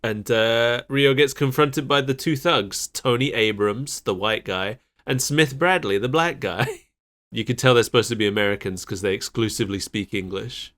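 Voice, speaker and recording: A man's voice: medium pitch, moderate pace, a bit bright. A man co-hosting a casual podcast chat, laughing often as he rattles off cast trivia. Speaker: podcast co-host.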